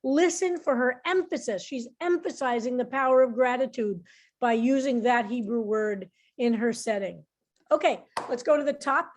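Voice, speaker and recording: Woman, rabbi, high voice, informal explanatory teaching, frequent restarts. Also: normal speed. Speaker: rabbi teaching a psalm class.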